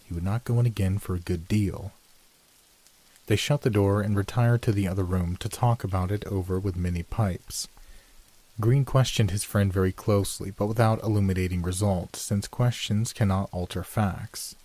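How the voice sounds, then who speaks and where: A man reading a classic ghost story aloud, in measured storytelling narration. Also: fairly even intonation, mellow, no echo. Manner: measured storytelling, lifts pitch for dialogue. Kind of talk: scripted audiobook narration.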